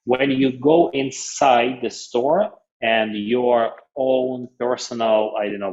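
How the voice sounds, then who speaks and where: A man presenting a business webinar in non-native English phrasing, halting often and restarting his sentences. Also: medium pitch, darkish tone, dull audio.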